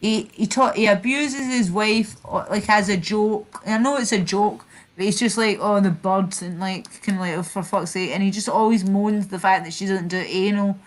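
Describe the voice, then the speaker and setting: A woman's voice: medium pitch, normal speed. Rambling Scottish woman chatting. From Scotland. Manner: rambling, filler-heavy storytelling. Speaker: streamer. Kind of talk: casual chat.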